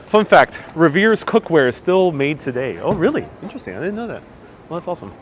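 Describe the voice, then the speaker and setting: Fast and a little high, with big swings in pitch, a man chats his way through a live walking tour on city streets. He's somewhat stuffy-nosed, laughs often and reads out viewer comments. The wireless clip-on mic carries faint street noise from outdoors.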